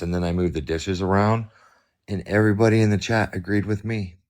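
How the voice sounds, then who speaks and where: A man's voice: low voice, a little fast. A middle-aged man hosting a live stream, telling stories in casual chat and acting out both sides of arguments. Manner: animated storyteller acting out arguments. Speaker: livestream host.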